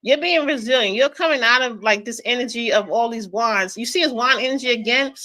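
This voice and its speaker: Brief: high, bright woman, casual chatty tarot reader. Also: fairly quick, a little hiss or hum, low-quality recording. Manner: giggly, keeps breaking into laughter and apologizing; chatty, informal speech with fillers. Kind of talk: casual live tarot reading.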